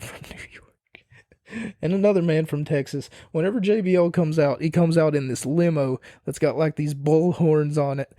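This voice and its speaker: Opinionated man rambling with mellow tone. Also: on the high side, dry recording, studio quality. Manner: rambling, opinionated, swears casually. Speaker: podcast host. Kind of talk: casual wrestling review monologue.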